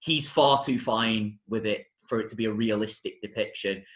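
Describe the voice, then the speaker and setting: A fairly low-pitched, slightly bright male voice at normal speed hosts a casual podcast chat reviewing a film musical. The sound is roomy, and he talks with enthusiasm, often restarting and correcting himself.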